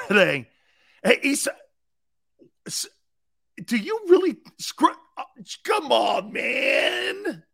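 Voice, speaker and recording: Bright, lively sarcastic male radio host. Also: high voice. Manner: sarcastic, bombastic, bursts into shouting. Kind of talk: sports talk radio rant.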